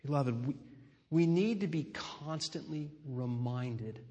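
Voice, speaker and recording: A man preaching a sermon as pastor, slow and emphatic, building on repeated refrains. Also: on the high side, mellow, in a large hall.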